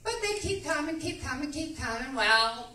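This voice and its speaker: A woman's voice: high voice, expressive, moderate pace, sharp tone. A woman giving a rambling, emphatic testimony in church. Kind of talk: animated testimony storytelling. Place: church sanctuary. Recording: echoey church room, distant mic.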